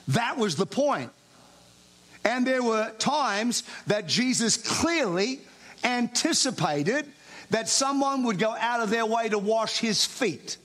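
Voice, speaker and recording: A man with a high voice for his sex preaches in a casual, chatty manner, as if talking things over with his listeners. His delivery stays plain and informal throughout. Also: expressive, slow pace, a bit bright. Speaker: pastor. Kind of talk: sermon.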